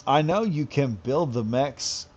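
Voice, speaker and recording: A man's voice: mid-range voice, expressive, a little slow, darkish tone, slightly rough. A man chatting casually during a late-night game live stream, rambling loosely and chuckling often as he talks. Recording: slightly dull lo-fi audio.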